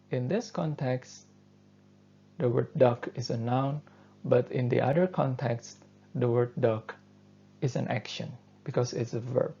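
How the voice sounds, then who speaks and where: A man who is not a native English speaker, giving a university lecture and explaining step by step, often pausing on fillers. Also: mid-range voice, vocal fry. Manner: thoughtful, steady explaining with frequent fillers. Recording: dull lo-fi lecture recording.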